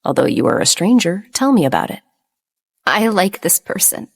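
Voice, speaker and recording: A woman's voice: medium pitch, big pitch swings, normal speed, breathy edge. A woman voicing a heartbroken young woman. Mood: trembling. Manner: choked, trembling pleading.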